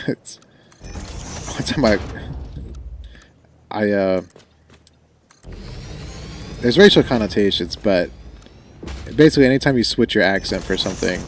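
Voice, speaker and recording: A man's voice: on the low side, expressive, a little slow, gravelly, pauses often, a little hiss or hum. A young man with a mild rural American country accent, livestreaming a game and chatting casually with viewers at a desk microphone, rambling and joking and often trailing off. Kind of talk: casual chat with stream viewers while gaming.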